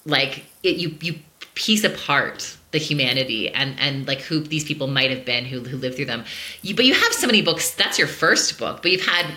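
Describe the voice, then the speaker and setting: Low, bright-voiced woman host in an echoey room. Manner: warmly enthusiastic, chatty. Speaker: podcast host. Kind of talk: casual interview chat.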